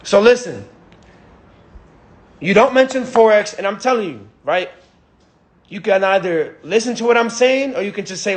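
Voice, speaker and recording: A man's voice: lively intonation, normal speed, pauses often. A man in his twenties giving emphatic, repetitive motivational sales coaching, full of "bro" and "right?". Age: 20s. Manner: acts out a breathless pitch to a friend. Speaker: sales trainer.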